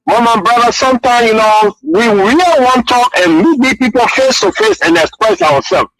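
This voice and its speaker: A man's voice: very high-pitched, big pitch swings, normal speed, vocal fry, a crowd in the background, rough recording. A man with a Liberian English accent calling in to a radio show, speaking in an emphatic, preachy way. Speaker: caller. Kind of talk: call-in radio talk.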